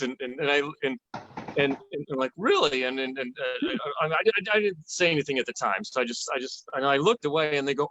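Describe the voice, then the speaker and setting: A man's voice: medium pitch, lively intonation, quick pace, bright, forceful tone, a little hiss or hum, low-quality recording. A man in a band telling a rambling, laughing anecdote with many restarts. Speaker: band musician. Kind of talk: casual storytelling.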